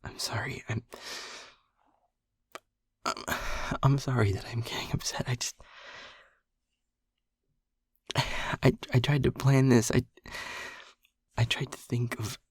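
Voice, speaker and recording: A man voicing a shy, anxious male air elemental in an audio role-play, stammering and hushed as he rambles. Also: medium pitch, flat delivery, husky, no echo. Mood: upset, shaky. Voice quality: stammering, halting, repeats words.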